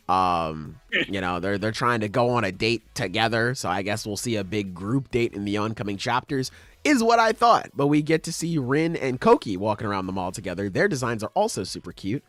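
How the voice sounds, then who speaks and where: Laid-back swearing man, lively voice. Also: on the low side, fairly quick, no room sound. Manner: laid-back, profane, acts out characters in offhand paraphrase. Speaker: podcast co-host. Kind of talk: casual chat recapping manga chapters.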